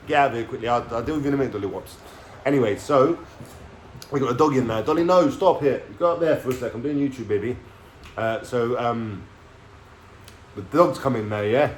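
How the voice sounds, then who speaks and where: Man, streetwise vlogger telling his story, swears freely, tags lines with "yeah?", mid-pitched, in a roomy echoey space. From London. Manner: streetwise slang, swearing, keeps checking in with "yeah?". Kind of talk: casual storytelling to camera. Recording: echoey room with faint background noise.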